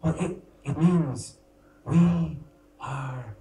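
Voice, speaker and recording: A young man performing a stand-up comedy set in a bar, telling crude, self-mocking stories with an animated delivery. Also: fairly high pitch, very slow, vocal fry, noisy background. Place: small bar with a live audience. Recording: roomy bar sound, mic from a distance.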